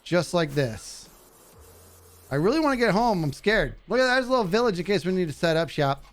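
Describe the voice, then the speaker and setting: A man's voice: fairly quick, soft background music. A man streaming a game live, chatting goofily with his viewers as he plays. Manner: goofy, talks to chat, jumps high in excitement. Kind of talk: live gameplay commentary.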